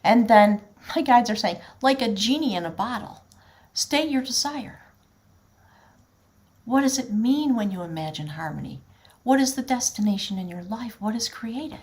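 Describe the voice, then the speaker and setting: A woman's voice: a little high, lively intonation, normal speed, a little mellow. A woman giving a spiritual tarot reading, speaking earnestly and directly to the viewer in a flowing, heartfelt way. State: choked up with emotion at times. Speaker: tarot reader.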